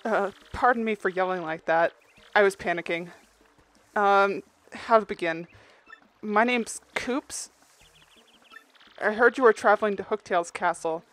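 A woman's voice: medium pitch, unhurried, pauses often, a bit bright, close to an everyday voice. A woman voicing a shy, nervous young male turtle in a video game, who stammers and apologizes as he talks.

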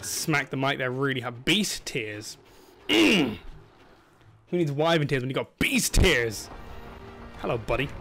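A young man giving casual, excitable commentary over his own gameplay, yelping and laughing at the game. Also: medium pitch, takes it slowly, gravelly, long pauses, soft background music. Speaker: gaming channel host.

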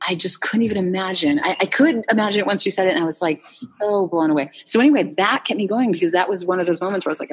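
A woman founder, a guest in a casual interview, telling stories in an animated way with many restarts. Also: lowish voice, fast talker, hardly any pauses, husky, big-room sound.

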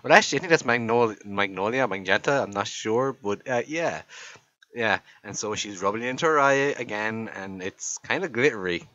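A man's voice: fairly low pitch, expressive, normal speed, bright, forceful tone, dry recording, dull audio. A young Irish man giving joking voiceover commentary on a makeup video, teasing and mock-exasperated. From Ireland.

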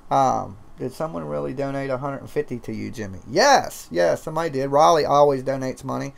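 A man's voice: mid-range voice, a little fast, gravelly. A man from Georgia with a twangy Southern accent, hosting a casual, profane, rambling livestream chat. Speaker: livestream host.

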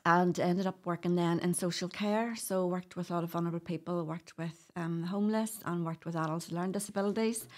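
She barely pauses, speaking fairly quickly in a steady, fairly low, darkish voice. The speaker is a middle-aged Northern Irish doula chatting as a guest on a casual podcast interview, telling stories and laughing often.

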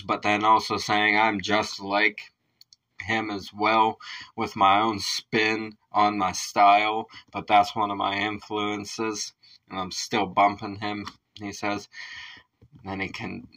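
A man's voice: on the low side, bright, forceful tone, rough recording. A man hosting a music reaction video from his home studio, talking casually, laughing often and swearing freely.

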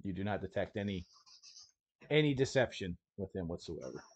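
A man running a tabletop game as game master, casual and quick to laugh, often correcting himself mid-sentence. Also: low-pitched, sing-song, slightly rough, dry recording.

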